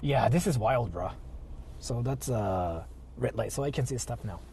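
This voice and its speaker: A man's voice: medium pitch, unhurried, vocal fry. A Japanese man speaking English with a Japanese accent, joking crudely in a casual chat while driving his car. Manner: animated, crude joking, frequent "like" fillers. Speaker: YouTuber. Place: inside a car in city traffic. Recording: noisy car recording.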